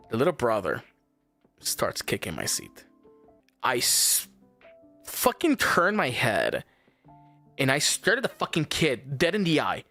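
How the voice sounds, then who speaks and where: A young man, a streamer, telling a story as a casual, exasperated rant full of swearing. He swings between his high voice and deep mock tones. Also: huge pitch swings, takes it slowly, long pauses, sharp tone, faint music behind.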